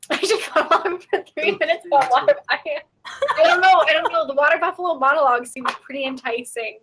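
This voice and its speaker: A woman's voice: sits high, fairly quick, fairly bright tone, a little hiss or hum, low-quality recording. A woman player in a tabletop role-playing game, chatty and giggly, thinking aloud. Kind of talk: casual play chat.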